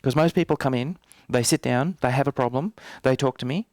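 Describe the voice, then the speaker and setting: A man's voice: medium pitch, fairly quick, darkish tone, no room sound. Trainer type, male, playful and teasing, dry close sound. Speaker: NLP trainer. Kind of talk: live workshop demonstration. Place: training room.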